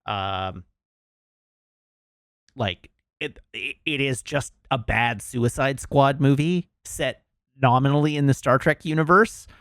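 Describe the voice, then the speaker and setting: A man's voice: mid-range voice, slow, a bit bright, no room sound, clean studio sound. A man streaming, chatting casually and rambling with many fillers as he makes emphatic complaints.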